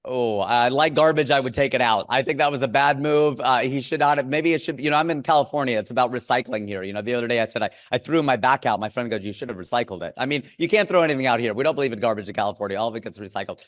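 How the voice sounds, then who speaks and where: A man, a comedian, chatting as an interview guest, quick and joking, riffing with asides. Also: mid-range voice. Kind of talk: casual interview chat. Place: California.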